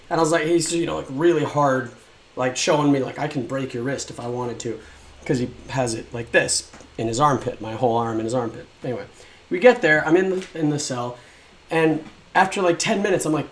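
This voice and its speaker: A man's voice: fairly high pitch, animated, fairly quick. A young man casually telling his own life story, rambling and frank, swearing often and acting out what people said.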